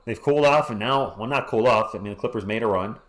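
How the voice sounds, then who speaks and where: A hoarse man hosting a live stream, calling a game play by play in a casual way and greeting chat viewers between plays. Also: on the low side, quick pace, a bit bright. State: hoarse, losing his voice. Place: home at night.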